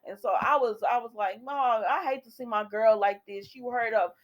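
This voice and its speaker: In a fairly high voice at normal speed, a woman talks directly to her audience while recapping a soap opera episode, chatting through the scenes and repeating the characters' lines.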